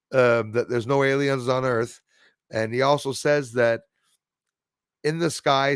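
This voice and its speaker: A man's voice: mid-range voice, dry recording, clean studio sound. A man hosting a casual livestream chat, rambling and reading out viewer comments. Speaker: livestream host.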